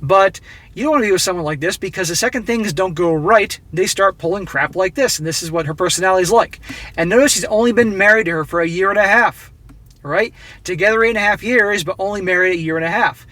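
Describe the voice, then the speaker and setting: A man's voice: sits high, quick pace, pushed and bright, no echo. A man with a blunt, opinionated manner, reading a story aloud and adding his own commentary, speaking straight to his viewers. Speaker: relationship advice commentator.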